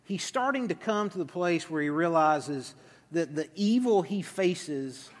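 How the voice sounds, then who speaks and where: Unhurried male preacher in a big hall. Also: fairly high pitch, animated. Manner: conversational, storytelling, with fillers. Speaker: pastor. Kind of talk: sermon. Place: large church hall. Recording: reverberant hall.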